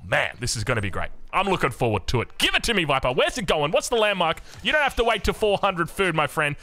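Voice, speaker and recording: An Australian man casts a strategy game with hyped, joking energy. His voice sits a bit high and bright, and his pitch leaps around in lively swoops. It is quick-witted esports play-by-play. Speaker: game caster.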